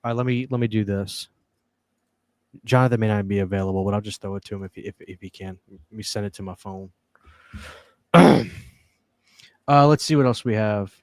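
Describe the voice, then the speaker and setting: A man's voice: fairly low pitch, a little fast, pauses often, no echo. A man from New Orleans hosting a live stream, chatting casually with lots of fillers and frequent laughter. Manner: animated, laughs often, many fillers. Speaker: podcast host.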